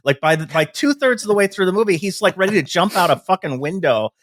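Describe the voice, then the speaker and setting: A man guesting on a comedy podcast, incredulous and quick to laugh. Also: high-pitched, animated, fairly bright tone, no room sound, clean studio sound. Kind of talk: casual comedic chat.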